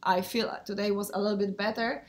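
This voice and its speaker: A woman speaking English in a casual handbag review vlog. She has a cold, so her voice sounds under the weather. She talks in a hesitant, friendly way, and her sentences are dotted with pauses and fillers. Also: medium pitch, fairly even intonation. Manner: hesitant, many fillers, non-native phrasing. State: sick, voice affected. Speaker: handbag vlogger.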